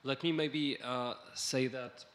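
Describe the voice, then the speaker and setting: A man speaking as a panelist at a conference, in a measured way with frequent restarts. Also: mid-range voice, fairly even intonation, a bit bright. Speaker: panelist, EU official. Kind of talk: panel talk. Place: conference hall.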